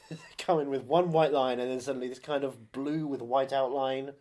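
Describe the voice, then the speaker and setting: A man's voice: medium pitch, fairly even intonation, a little mellow. A young man hosting a film podcast in casual, joking chat full of swearing and asides. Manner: joking, profane, quick asides. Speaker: podcast host.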